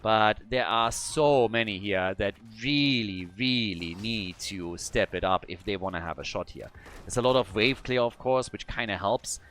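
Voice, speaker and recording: A man casting a live esports match, calm analysis broken by sudden bursts of hype. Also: fairly low pitch, normal speed, slight background noise. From Germany. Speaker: esports caster. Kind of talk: live esports play-by-play commentary.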